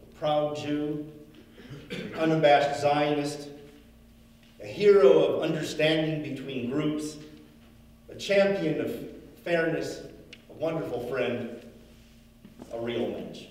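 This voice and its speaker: A man's voice: a little high, steady tone, slow pace, long pauses, a little mellow. A man speaking at a memorial, reading a letter aloud in an imitation of the late man's voice. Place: large synagogue hall. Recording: echoey hall from far off.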